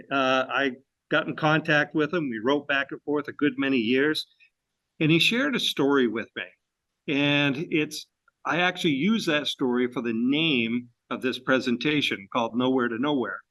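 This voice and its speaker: A man from Maine tells a story-filled history talk to a club audience. His delivery is folksy and unhurried, full of fillers and restarts. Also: mid-range voice, fairly bright tone, low-quality recording. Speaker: presenter at a railroad club.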